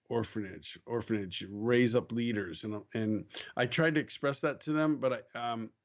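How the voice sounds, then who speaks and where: Man telling a lively story. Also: mid-range voice, highs cut off. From United States. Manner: animated storyteller, acts out quotes, laughs easily. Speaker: podcast guest, missionary. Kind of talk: casual storytelling.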